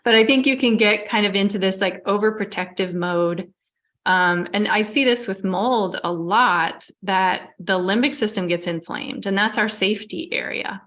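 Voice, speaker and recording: A woman's voice: mid-range voice, moderate pace, a bit bright. Woman guest, casual chat, explains in long run-on lists.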